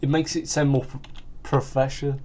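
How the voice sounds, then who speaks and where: The voice is mid-range, level and a little mellow, at a moderate pace, with a bit of hiss or hum. It belongs to a sixteen-year-old British gaming channel host chatting casually mid-game, rambling with restarts and lots of "like."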